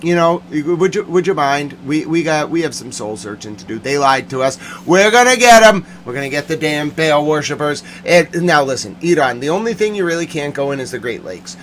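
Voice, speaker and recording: A man streaming a sarcastic, mock-angry rant that jumps between muttering and sudden yelling. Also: on the high side, lively intonation, fairly quick, few pauses, a little hiss or hum. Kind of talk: ranting commentary.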